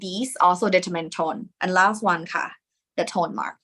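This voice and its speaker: A woman's voice: fairly low pitch, fairly even intonation, fast talker, fairly bright tone, breathy edge. A woman with a Thai accent teaching a language lesson, patiently repeating sounds for learners to copy.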